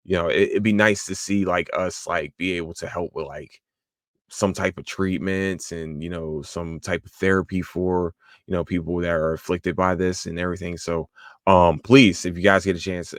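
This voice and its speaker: A man with a fairly low voice hosts a loose, unscripted solo podcast, talking with excitable energy. He swears freely and keeps stumbling into restarts and fillers. The sound is dry, with no room echo. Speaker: podcast host. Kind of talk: casual solo anime review podcast.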